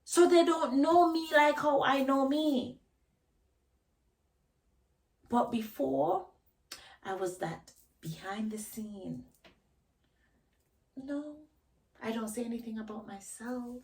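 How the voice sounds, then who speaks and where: A woman's voice: sits high, slow, pauses often, a little mellow, recorded from a distance, rough recording. A woman vlogger giving a reflective talk on self-knowledge, emphatic, asking rhetorical questions and repeating key phrases. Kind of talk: reflective solo talk to camera.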